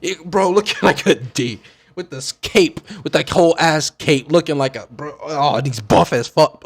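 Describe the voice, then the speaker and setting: A young man in a casual rant, animated and profane, who often trails off into mumbles. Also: a little high, normal speed. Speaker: streamer. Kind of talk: casual rant about an anime.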